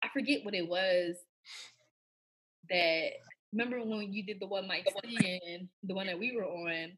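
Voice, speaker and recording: A woman on a podcast, chatting casually in a brash, profane, animated way. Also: medium pitch, a little slow, slightly rough. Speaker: podcast co-host. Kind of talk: casual chat.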